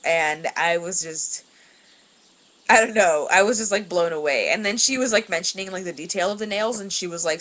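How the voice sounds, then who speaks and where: A woman's voice: medium pitch, a bit bright. A young woman telling a rambling story in a casual vlog, full of fillers and laughing as she goes, recorded on a webcam indoors at home. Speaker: vlogger.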